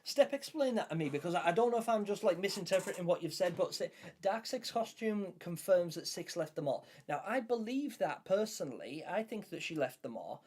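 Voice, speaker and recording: A man's voice: sits high, sing-song, brisk, darkish tone. A man hosting a live stream, chatting casually and enthusiastically while answering viewers in the chat. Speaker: livestream host.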